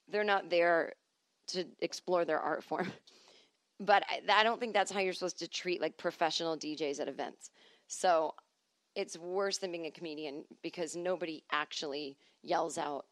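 A woman's voice: lowish voice, normal speed, no echo. A woman hosting a podcast alone, telling wry, rambling stories in a chatty way, full of asides and quoted voices. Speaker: podcast host. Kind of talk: casual solo podcast monologue. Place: at home.

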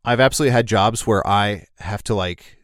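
A man co-hosting a casual podcast chat, telling stories in a lively, joking way. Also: on the low side, fairly quick, no echo, studio quality. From Illinois. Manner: animated storyteller, jokey. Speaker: podcast co-host.

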